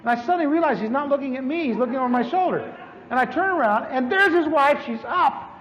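A man telling a lively personal testimony as a storytelling sermon, with repeated phrases and sudden exclamations. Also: extremely high pitch, fast talker, dull audio. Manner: animated, repetitive storytelling with sudden shouts. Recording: reverberant hall with faint noise.

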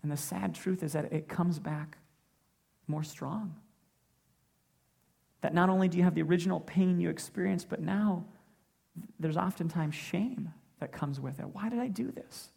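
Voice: mid-range voice, fairly even intonation, measured pace, gravelly, long pauses, warm tone, breathy edge. A pastor preaching a sermon in an earnest way, building points through repetition.

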